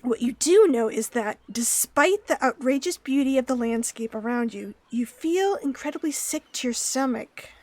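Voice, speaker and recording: A woman's voice: high-pitched, lively intonation, normal speed, few pauses, a little mellow, no echo. A woman streaming a game playthrough, reading the on-screen text aloud with playful, laughing asides.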